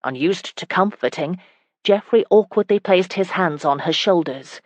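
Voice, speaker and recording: An audiobook narrator reading a historical romance in steady, even scripted narration. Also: mid-range voice, normal speed, dry recording.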